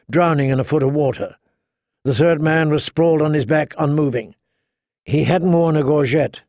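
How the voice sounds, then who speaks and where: A man narrating a story in a measured way, slowing down for dramatic beats. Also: on the high side, vocal fry, a little mellow, dry recording, clean studio sound. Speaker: audiobook narrator. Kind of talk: scripted narration.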